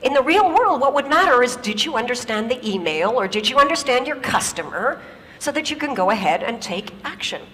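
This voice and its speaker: A woman's voice: fairly high pitch, very animated, a little fast, fairly bright tone. Emphatic woman speaking in a hall. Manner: emphatic, uses rhetorical questions and repetition. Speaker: speaker giving a talk. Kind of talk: stage talk with storytelling.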